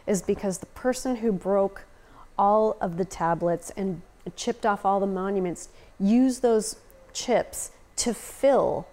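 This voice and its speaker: A woman's voice: mid-range voice, takes it slowly, warm tone. An American woman talking passionately as a podcast guest, swearing freely and saying "like" often. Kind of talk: casual conversation.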